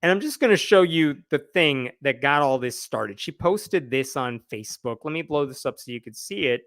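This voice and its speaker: A man hosting a live news roundup, retelling a story with wry, animated commentary and quick acted-out quotes. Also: on the high side, no room sound, clean studio sound. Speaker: news show host.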